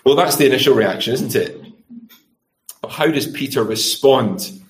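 A man's voice: medium pitch, lively intonation, normal speed. A middle-aged man preaching a sermon, asking the congregation rhetorical tag questions and acting out quoted speech. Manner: acts out quoted speech in changing voices.

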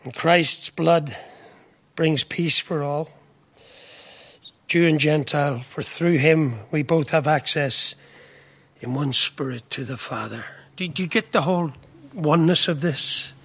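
A man's voice: fairly high pitch, measured pace, pauses often, fairly bright tone, breathy edge. A middle-aged man from the United Kingdom preaching a sermon in an earnest manner. He often repeats words and asks the listeners questions.

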